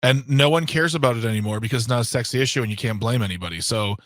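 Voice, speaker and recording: A man's voice: mid-range voice, racing, a bit bright, dry recording. A man co-hosting a call-in radio talk show, wry and blunt with a joking streak.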